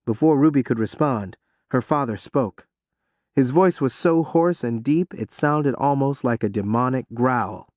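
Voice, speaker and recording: A man narrating an audiobook in an expressive storytelling manner. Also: medium pitch, a little slow, no echo, studio quality.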